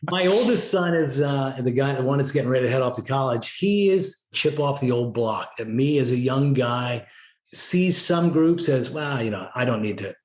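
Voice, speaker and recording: Appearing as a podcast guest, this middle-aged former Navy SEAL leader tells stories with energy in a casual interview, frequently tossing in "you know" and "right?". He speaks at medium pitch and a moderate pace, and the room is echoey.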